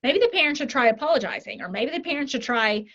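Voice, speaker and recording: A woman coach speaks in an interview with a bright, forceful tone and a voice pitched a touch high. She is animated, works through examples aloud and keeps checking in with her listener with little tag questions. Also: quick pace, muffled recording. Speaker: life coach and author, podcast guest. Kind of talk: conversational interview.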